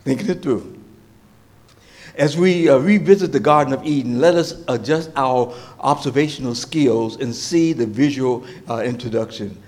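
A male pastor preaching a sermon, emphatic and animated, asking the congregation questions. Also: medium pitch, moderate pace.

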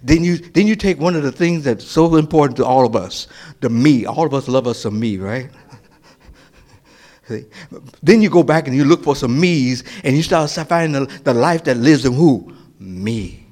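A male pastor preaching a sermon, asking the congregation questions and answering them himself, rising to loud emphatic lines and dropping to near whispers. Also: medium pitch, expressive, moderate pace.

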